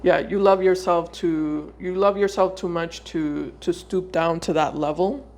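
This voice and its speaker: A woman's voice: lowish voice, steady tone, darkish tone. Woman, tarot reader, casual reading to viewers, loose searching delivery, repeats words. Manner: loose and searching, often pausing and repeating words before going on.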